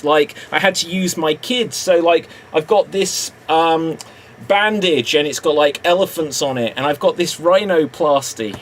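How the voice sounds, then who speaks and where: A man's voice: a little high, normal speed, fairly bright tone. A man hosting an improv game in a casual, hesitant way, laughing often between jokes. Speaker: improv host. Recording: faint background noise.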